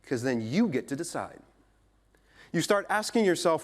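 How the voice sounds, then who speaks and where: A man's voice: medium pitch, expressive, quick pace. A man giving a conference keynote as a futurist speaker, talking conversationally with playful asides to a live audience on stage.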